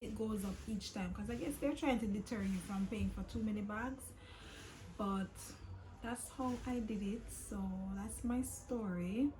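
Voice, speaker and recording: A woman's voice: mid-range voice, normal speed, rough recording. A Jamaican woman vlogger casually telling a travel story, slipping patois into her talk.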